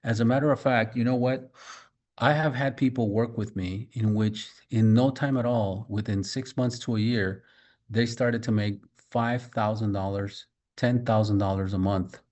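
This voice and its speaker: A man's voice: fairly low pitch, fairly even intonation, normal speed, a little mellow. Emphatic man giving a business training talk. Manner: emphatic, repeats key points, addresses listeners directly.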